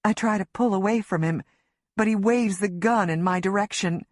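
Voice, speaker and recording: A woman narrating a tense first-person audiobook in a measured, storytelling manner. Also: mid-range voice, no echo, studio quality.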